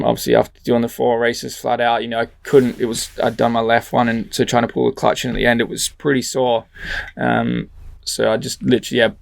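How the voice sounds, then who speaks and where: A young man from Australia, a speedway rider answering interview questions casually, halting with many fillers. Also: medium pitch, creaky, no room sound. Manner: halting, lots of ums and likes.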